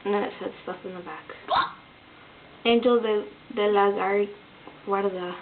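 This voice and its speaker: A woman's voice: medium pitch, fairly even intonation, unhurried. A young woman chatting casually and rambling as a vlog co-host, giggling often. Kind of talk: casual chat. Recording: tinny lo-fi webcam with hiss.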